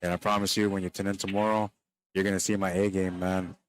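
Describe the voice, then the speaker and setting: A man giving relaxed, chatty live play-by-play commentary on a pool match, a little worn down late in the day and talking straight to stream viewers. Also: low voice, quick pace.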